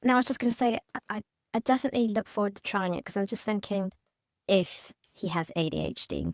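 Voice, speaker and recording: A woman's voice: mid-range voice, big pitch swings, quick pace, no echo, studio quality. A woman, a mother seeking advice in a counselling session, speaking hesitantly and repeating her words. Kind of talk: therapy session conversation.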